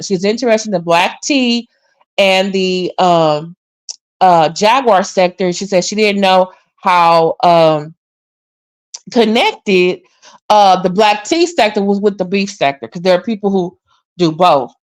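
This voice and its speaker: A woman hosting a casual gossip commentary vlog, animated and sassy. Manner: animated, sassy, mimics others, jumps pitch often. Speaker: commentary channel host.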